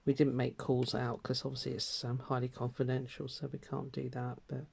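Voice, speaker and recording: An older woman rambles through a casual catch-up as she stitches, her voice mellow and soft-edged. She drifts between topics with plenty of fillers and light laughter. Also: rumbling low, level tone, normal speed, vocal fry, breathy edge. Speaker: craft vlogger. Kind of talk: casual chat while stitching.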